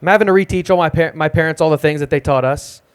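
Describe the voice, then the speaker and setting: A young man doing a self-deprecating, deadpan stand-up set at an open mic in a small music club. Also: fairly high pitch, fast talker, smooth. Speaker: stand-up comedian.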